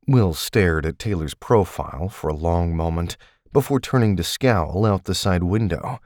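A man narrating a novel in measured storytelling at a close studio mic. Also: low voice, animated, a little mellow, no room sound. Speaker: audiobook narrator.

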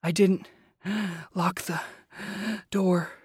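A man voicing a frightened young man with asthma, breathy, gulping and panicked, in a storybook reading. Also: high-pitched, flat delivery, very slow, dry recording, studio quality, voice pushed up, full character voice. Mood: shaky.

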